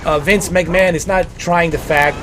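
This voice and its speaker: A man's voice: a little high, steady tone, moderate pace, music in the background. A man in his forties chatting casually on a gaming livestream, rambling, repeating himself and giving earnest opinions. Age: 40s. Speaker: livestream gamer.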